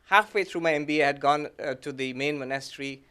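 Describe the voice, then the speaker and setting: Gentle monk, fairly high voice. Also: male voice, fast talker, clear, resonant tone. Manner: gentle, with frequent fillers and soft laughs. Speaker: monk giving a talk. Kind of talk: reflective lecture with personal story.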